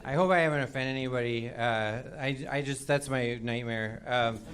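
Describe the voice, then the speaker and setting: A man's voice: mid-range voice, normal speed. A man in his forties doing a self-deprecating stand-up set on a comedy club stage. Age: 40s. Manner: self-deprecating, sheepish storytelling. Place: comedy club stage before a live audience. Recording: loud laughing crowd, noisy club.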